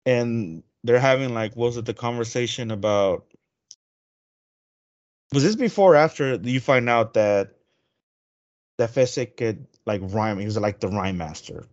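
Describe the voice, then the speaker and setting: A man co-hosting a podcast, talking in a loose, rambling way full of fillers and restarts. His voice sits at an ordinary middle pitch. The recording sounds a little dull and lo-fi. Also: a little slow, pauses often, darkish tone. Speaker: podcast co-host. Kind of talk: casual chat. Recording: dull lo-fi audio.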